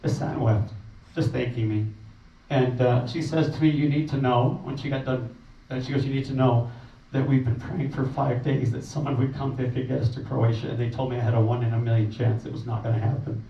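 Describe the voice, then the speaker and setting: A man tells a meeting audience about a refugee relief trip in an informal, earnest, rambling talk full of fillers and restarts. His mid-range voice is steady in tone, fairly quick, and creaky. Recorded in a meeting room, the sound is roomy, distant, and dull, with faint noise.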